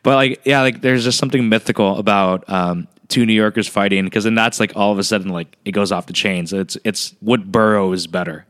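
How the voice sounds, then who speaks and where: Animated, swearing man in casual chat. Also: fairly low pitch, fairly quick, few pauses. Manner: animated, filler-heavy, swears and jokes, acts out quotes. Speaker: podcast co-host.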